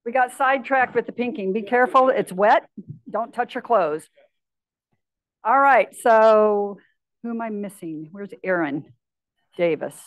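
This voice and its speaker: A woman organizing a new member induction at a club meeting, brisk and joking as she directs people. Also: a little high, dry recording, rough recording.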